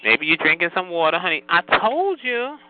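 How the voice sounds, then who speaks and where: A man's voice: high-pitched, big pitch swings, moderate pace, narrow, tinny audio, a little hiss or hum. A man hosting a phone chat line, scolding callers in a sassy way and calling everyone honey.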